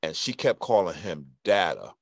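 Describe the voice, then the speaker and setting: A man from Brooklyn hosting a podcast, chatting casually with a guest in a relaxed way, with lots of fillers. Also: low-pitched, normal speed, creaky, no room sound. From Brooklyn, New York. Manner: relaxed, warm storytelling with many fillers. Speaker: podcast host. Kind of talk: casual interview chat.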